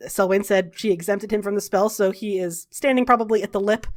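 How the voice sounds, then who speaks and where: A woman's voice: mid-range voice, a little mellow. Woman running a tabletop game. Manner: laughs while narrating, drawn-out dramatic pacing. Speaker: game master. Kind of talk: narrating a tabletop game with casual swearing.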